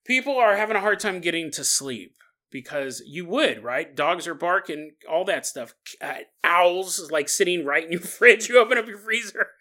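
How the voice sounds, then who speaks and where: Chatty male host who tells strange stories, jokey and bright. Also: sits high. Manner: jokey, laughs often, shifting volume. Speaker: podcast host. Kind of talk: casual storytelling.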